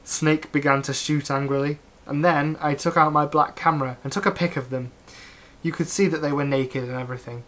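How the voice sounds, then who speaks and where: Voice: medium pitch, fairly even intonation, a little fast, fairly bright tone. Dry, straight-faced comedic reader. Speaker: reader of fan fiction. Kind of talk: mock-serious comedic reading aloud.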